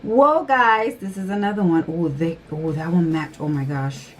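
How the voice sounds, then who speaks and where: A woman vlogger chatting casually through a makeup tutorial, nervous and excitable, gasping and squealing often. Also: lowish voice, normal speed, slight background noise. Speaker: beauty vlogger.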